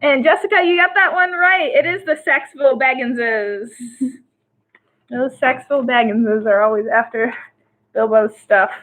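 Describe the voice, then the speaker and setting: A young woman co-hosting a casual trivia live stream from home, chatty and giggly, reading questions out slowly. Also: high voice, fairly bright tone. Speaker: trivia co-host. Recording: tinny phone-like stream audio.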